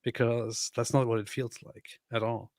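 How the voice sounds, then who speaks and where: A man talking in a relaxed, amused way while hosting a livestream commentary, often laughing at what he hears. His voice sits at a medium pitch and sounds dry and close to the mic. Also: normal speed, no room sound. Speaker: livestream host. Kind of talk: casual commentary chat.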